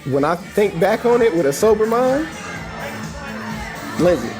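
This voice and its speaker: A young man co-hosting a casual travel recap, telling stories in an animated, rambling way full of restarts. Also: sits high, unhurried, music in the background, a crowd in the background. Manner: animated storyteller, rambling with many restarts and fillers. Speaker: co-host.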